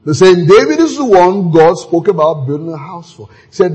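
A man preaching a sermon, animated and acting out scenes with sudden exclamations, his voice very husky. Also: high voice, moderate pace, few pauses.

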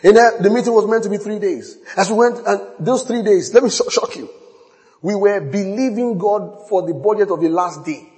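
High-voiced preacher in a reverberant hall. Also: male voice, moderate pace. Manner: exuberant, repetitive storytelling with sudden high shouts and hushed asides. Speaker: pastor. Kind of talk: sermon.

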